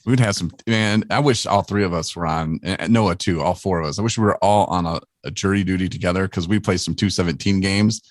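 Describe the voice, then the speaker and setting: A man's voice: low-pitched, fairly quick, hardly any pauses, dry recording, clean studio sound. A man co-hosting a podcast in casual banter, joking and riffing on absurd scenarios. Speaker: podcast co-host.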